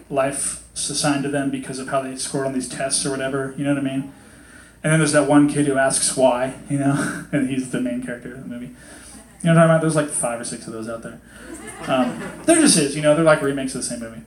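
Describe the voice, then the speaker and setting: Chatty, animated man preaching in an echoey hall. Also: mid-range voice. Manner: chatty, animated, acts out quotes with voices. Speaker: pastor. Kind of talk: casual sermon. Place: hot hall with a congregation.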